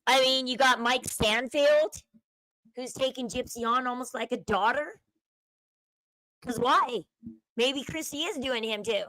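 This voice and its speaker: She hosts her own commentary channel, casually chatting over a video clip in a high voice, a little slow and broken by long pauses. She guesses freely and murmurs softly when quoting other people. The sound is rough yet close and dry, with no echo at all.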